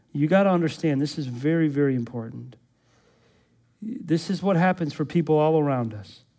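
A man's voice: on the high side, darkish tone. A man pastor preaching an expository sermon, emphatic, repeating words and putting rhetorical questions to the congregation.

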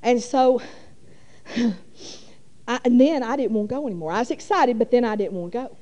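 Middle-aged woman, warm mellow tone, folksy rambling church testimony. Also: a little high, moderate pace. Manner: folksy rambling with many fillers. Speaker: church speaker. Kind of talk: testimony storytelling.

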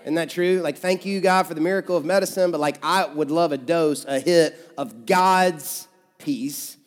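A man with a high voice preaches to his congregation in a loose, joking, conversational way, slipping into voices for the people he quotes. His words ring out with a long echo through a large church hall. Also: normal speed. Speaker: pastor. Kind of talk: sermon. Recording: reverberant sanctuary sound.

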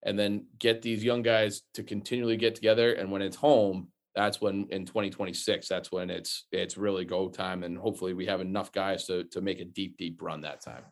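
An American man guesting on a casual football podcast, talking in a measured, earnest way with frequent restarts. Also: low-pitched, little pitch movement. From United States.

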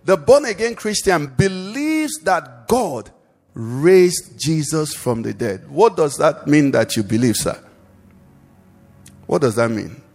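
A male pastor delivers a sermon at a deliberate, unhurried pace, pitched a little high for a man. He keeps throwing questions to the congregation and waiting for them to finish his sentences. The sound carries the long reverb of a large hall. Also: very animated, a little mellow, soft background music. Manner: preaching with call-and-response questions to the congregation. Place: church service.

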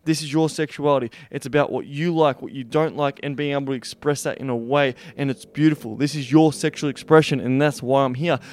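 A man's voice: medium pitch, steady tone, fairly quick, few pauses, a little mellow. A man hosting a podcast as a sex coach, giving an emphatic motivational monologue that repeats key lines, swears freely and draws out stressed words.

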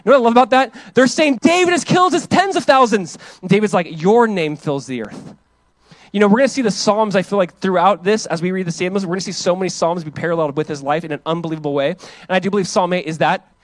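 A man in his thirties, a pastor, preaching a sermon in a casual, conversational way, full of fillers and animated when he reads or quotes. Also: sits high, racing, no echo.

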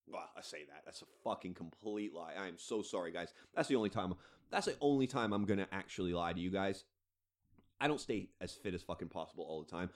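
A man hosting a podcast, ranting bluntly and swearing freely. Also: lowish voice. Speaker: podcast host. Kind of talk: solo podcast rant.

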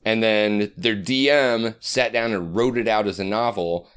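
A man's voice: fairly low pitch, fairly even intonation, measured pace, fairly bright tone, clean tone. Give me a chatty, profane man in his thirties co-hosting a podcast. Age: 30s. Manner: profane, rambling, drops into put-on announcer voice. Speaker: podcast co-host. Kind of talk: casual chat.

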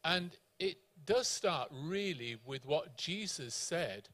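A man guest pastor with a South African accent, explaining scripture in a measured, teaching way. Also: a little high, expressive, fairly bright tone.

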